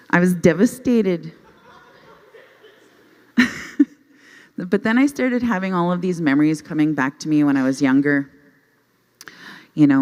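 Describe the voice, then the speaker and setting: A woman's voice: sits low, darkish tone. A middle-aged woman telling self-deprecating comedy stories on stage into a handheld mic, often laughing at her own jokes. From Canada. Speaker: stand-up comedian. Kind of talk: stand-up comedy storytelling. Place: stage at a youth conference, before a live audience. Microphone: handheld microphone.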